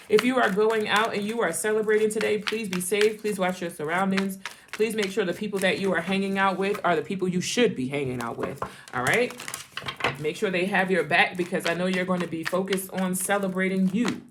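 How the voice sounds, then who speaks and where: A woman's voice: mid-range voice, a little fast, noisy background. A woman giving a casual, chatty tarot reading, repeating phrases and laughing often. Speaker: tarot reader.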